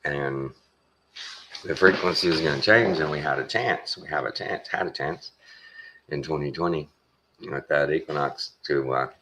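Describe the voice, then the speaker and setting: A man with a Texan accent talking casually to his viewers, meandering along with lots of pauses and folksy phrasing. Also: very deep voice, pushed and bright, slight background noise. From Texas. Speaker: vlogger. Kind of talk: casual rambling monologue.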